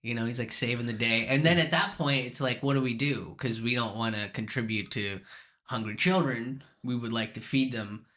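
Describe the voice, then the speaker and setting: A male stand-up comedian as a podcast guest, telling a story with a dry, joking edge. His voice is bright and forceful at a middle pitch, and the talk is relaxed and conversational. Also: normal speed. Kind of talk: casual podcast chat.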